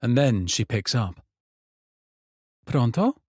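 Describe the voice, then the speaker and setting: Man reading a thriller audiobook, slow and low, tired bitter tone, dead dry room. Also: no echo. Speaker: audiobook narrator. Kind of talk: first-person audiobook narration.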